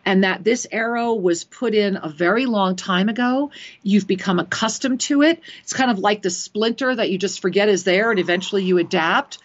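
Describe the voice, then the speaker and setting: Woman spiritual host, breathy and emotional, slows way down when channeling, muffled radio sound. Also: mid-range voice. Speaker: spiritual radio host giving soul readings. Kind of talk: call-in spiritual reading. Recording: dull lo-fi broadcast audio.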